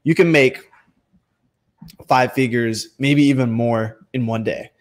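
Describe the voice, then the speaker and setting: Young male host, casual coaching talk, energetic and jokey, mid-pitched voice. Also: slow pace. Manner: energetic, joking, breaks into animated voices for quoted people. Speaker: online bookselling coach. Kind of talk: casual instructional talk to camera.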